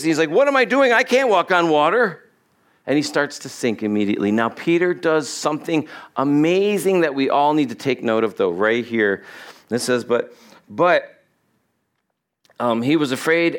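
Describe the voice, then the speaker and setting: Man, pastor, sermon in church, slightly high voice, animated delivery, body mic. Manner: animated, acts out Bible characters' lines. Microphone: body-worn mic with cable.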